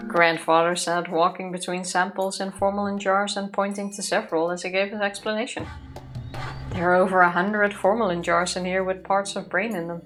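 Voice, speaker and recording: A woman co-hosting a let's play, reading the visual novel's narration aloud in a steady voice. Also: medium pitch, brisk, soft background music. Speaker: let's play co-host reading the game text.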